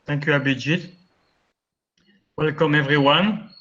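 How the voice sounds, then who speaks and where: A man's voice: fairly high pitch, fairly even intonation, measured pace, fairly bright tone, highs cut off. French-accented man lecturing over a call. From France. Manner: explanatory, with frequent restarts and self-corrections. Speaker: guest speaker, architect. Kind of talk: webinar lecture.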